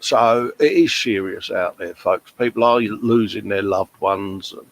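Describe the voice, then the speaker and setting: A man's voice: on the low side, unhurried. A British man with an English accent, hosting a casual livestream chat, reading out viewer comments and calling people mate. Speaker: livestream host.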